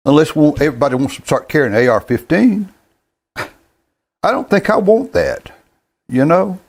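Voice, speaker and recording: A man's voice: fairly high pitch, darkish tone. A man in his seventies hosting a show, talking earnestly in a plain-spoken monologue, often stumbling and repeating words as he goes. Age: 70s. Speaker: host.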